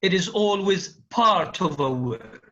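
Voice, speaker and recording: In a dull, lo-fi classroom recording, a man lectures on linguistics, repeating key phrases and quizzing his students. His voice is high, expressive and fairly bright, and he takes his time. His manner is repetitive as he drills the class with quiz questions.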